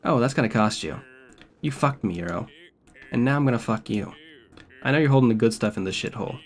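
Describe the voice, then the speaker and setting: A man's voice: mid-range voice, expressive, fairly quick, natural voice. A man voicing a crude, threatening male drug-dealing villain from a game. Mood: menacing.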